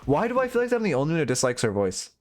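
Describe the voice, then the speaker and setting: A man's voice: a little high, wildly swooping pitch, very fast, darkish tone. A young man streaming and coaching a game, rambling through frank, profane critique in casual commentary.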